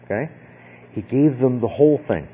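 Husky guy giving a casual bible talk, says okay a lot, sounds like it's over a phone line. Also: medium pitch, lively intonation, moderate pace. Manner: conversational, repeats "okay?" to check in. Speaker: Bible teacher. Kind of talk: sermon.

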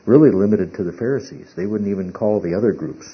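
A man teaching a Bible study class. He speaks haltingly, repeats words and keeps asking the class questions. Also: on the low side, slightly rough. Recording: muffled lo-fi recording.

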